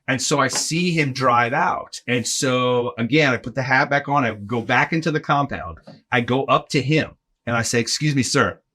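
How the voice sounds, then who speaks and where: A man in his forties, a podcast guest, telling a long anecdote in a casual, animated way, acting out the people he quotes and peppering his talk with "like" and "right?". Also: medium pitch, moderate pace. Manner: animated, acts out quoted voices, lots of "like" and "right?". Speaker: podcast guest, arena in-game host.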